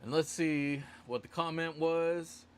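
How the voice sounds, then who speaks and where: A man's voice: on the high side, fairly even intonation, takes it slowly. Guy rambling on his live stream, jokes on himself, bit of hiss in the back. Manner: rambling, self-joking, loose. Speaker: livestream host running a giveaway. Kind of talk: casual live stream chat.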